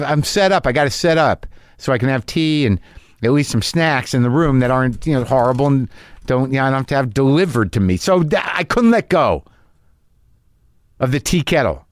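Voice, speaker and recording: A middle-aged man spins a comic story on his podcast. His voice sits at an everyday mid pitch, rambling and self-mocking, and it flares into exasperated, profane outbursts. The sound is close and dry, with no room around it. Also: no echo. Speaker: podcast host.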